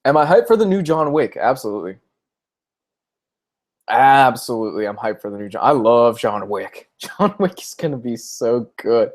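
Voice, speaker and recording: A man's voice: medium pitch, sing-song, moderate pace, hardly any pauses, darkish tone. A young man chatting casually on a livestream about comics, speaking openly and emotionally. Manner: candid, emotional, tearing up at times. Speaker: comic book vlogger.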